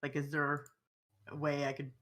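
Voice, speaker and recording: A woman playing a tabletop game, rambling and halting as she asks questions, swearing casually. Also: low voice, monotone, a bit bright, a little hiss or hum. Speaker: player.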